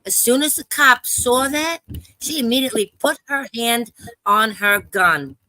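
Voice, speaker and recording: A woman on a live panel discussion telling an urgent personal story in a halting way, with restarts and swearing. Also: on the high side, lively intonation, sharp tone, no room sound, low-quality recording. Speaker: panel caller.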